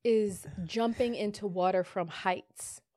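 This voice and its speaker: A woman's voice: medium pitch, slow, dry recording. Tipsy, boisterous woman podcast co-host, dry close mic. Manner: loud, animated, tipsy and playful. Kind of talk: casual chat.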